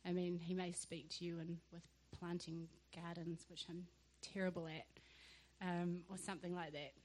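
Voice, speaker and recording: A young woman, sharing a lively church testimony and acting out the conversations in it. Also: lowish voice, moderate pace. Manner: animated storyteller who acts out dialogue with laughter.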